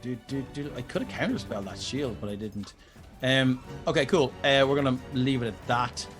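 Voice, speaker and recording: A man narrates a tabletop battle as game master in a loose, profane, casual way, dropping vocal sound effects between rolls. His voice sits at an ordinary middle pitch, with faint music under him. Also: fairly quick, fairly bright tone.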